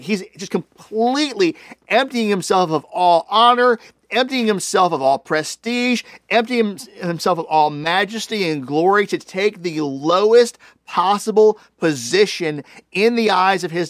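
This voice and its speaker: A man preaching a sermon in a conversational, animated way, full of casual fillers. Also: high voice, no room sound, studio quality. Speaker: pastor.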